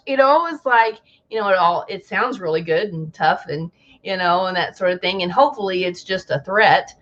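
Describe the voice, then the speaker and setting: A woman's voice: on the high side, normal speed, fairly bright tone, lo-fi sound. A woman hosting a casual live travel chat, telling news as a story and acting out the people she quotes.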